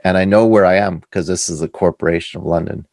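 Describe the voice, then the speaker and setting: A middle-aged man from Canada with a very low, gravelly voice, recorded close and dry. He tells his stories with animation, slipping into the voices of the people he quotes as an interview guest. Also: steady tone, fast talker, darkish tone, no echo. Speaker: author and guest. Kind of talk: casual storytelling interview.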